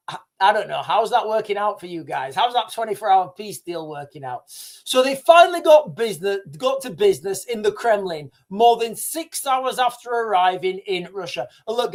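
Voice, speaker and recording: A middle-aged man giving casual livestream commentary, rambling, repeating himself and calling viewers guys. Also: high voice. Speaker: livestream host.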